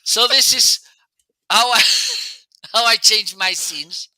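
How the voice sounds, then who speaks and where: Slow-talking, bright-voiced man with an accent. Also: sits high, no room sound. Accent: Italian or Portuguese-sounding. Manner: chatty, laughs often while showing gear. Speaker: live shopping show host. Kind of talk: casual live-stream product demo.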